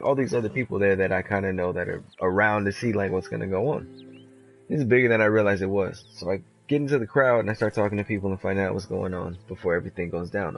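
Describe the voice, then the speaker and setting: A young man casually telling a story while playing a game, animated and profane, full of filler words. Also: lowish voice, rough recording. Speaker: streamer.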